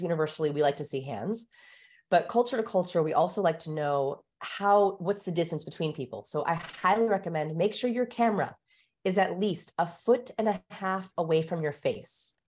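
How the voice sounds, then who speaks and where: This woman, interviewed as a guest expert, has a voice on the low side. Her explanations come across as lively and teacherly, and she varies her speed, quickening and easing off for emphasis.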